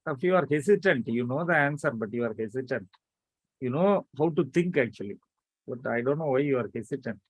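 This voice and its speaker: Male math teacher, online lecture, coaxing and brisk, dry close-miked sound. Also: mid-range voice, animated, breathy edge, no echo. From India. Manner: coaxing students to answer quickly.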